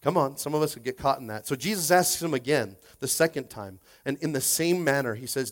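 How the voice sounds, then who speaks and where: A man pastor preaching a casual, conversational sermon, repeating his words and coaxing the congregation to respond. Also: a little fast. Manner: acts out quoted voices with shifts in pitch and loudness.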